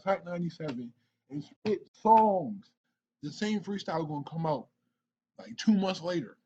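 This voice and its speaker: A man hosting a reaction video, talking excitedly, stammering and repeating himself. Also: fairly high pitch, breathy edge, lo-fi sound. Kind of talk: casual reaction commentary.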